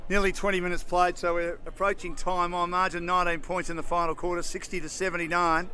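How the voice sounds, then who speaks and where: An Australian man giving fast play-by-play commentary on a local football match from an outdoor commentary position, raising his voice at key moments. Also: sits high, flat delivery, slight background noise. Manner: rapid play-by-play, rising to shouts at key moments.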